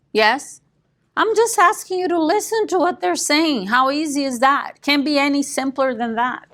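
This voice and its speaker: A woman coaching a live sales class, emphatic and direct, often quizzing her listeners with quick questions and a dry joke. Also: sits high, a bit bright. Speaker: real estate sales coach.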